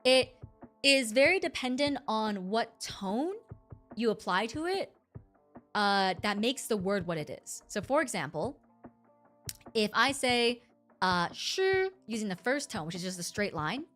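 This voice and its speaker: A woman streamer casually explaining things to her chat in an animated, rambling way, often correcting herself mid-sentence. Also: medium pitch, measured pace, soft background music.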